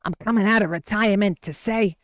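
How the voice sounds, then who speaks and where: A woman voicing a raspy older caller who has come out of retirement and talks in a proclaiming, apologetic way. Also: mid-range voice, a little fast, dry recording, close to an everyday voice.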